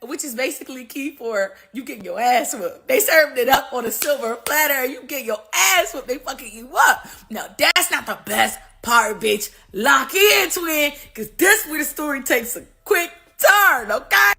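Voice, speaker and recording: A woman hosting a livestream, telling a profane, animated story and acting out the voices, with laughs. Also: high-pitched, normal speed, gravelly, hardly any pauses. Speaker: livestream host. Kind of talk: casual storytelling commentary.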